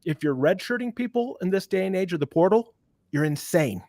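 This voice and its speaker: A man's voice: high voice, animated, a little fast, a little mellow, no room sound, clean studio sound. A man co-hosting a sports podcast, chatting casually and giving firm, emphatic opinions. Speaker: podcast co-host.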